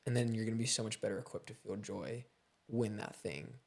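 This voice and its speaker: A man's voice: fairly low pitch, brisk, vocal fry. A man hosting a casual conversation, sharing his views in an earnest, reflective way and often saying "like.". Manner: earnest, reflective, says "like" a lot.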